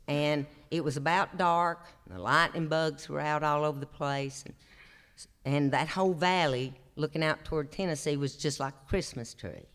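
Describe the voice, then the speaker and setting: Appalachian storyteller in his sixties, slightly high, smooth voice, drawling homespun delivery on stage. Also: a bit bright. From Appalachian North Carolina. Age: 60s. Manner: drawling, homespun, chuckles through his stories. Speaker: traditional singer and storyteller. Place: opera house stage, live show.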